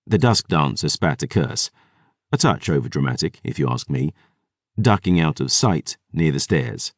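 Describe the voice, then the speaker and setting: A man narrating a dark fantasy audiobook in the first person, wry and gritty. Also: extremely low pitch, animated, normal speed, no room sound, clean studio sound.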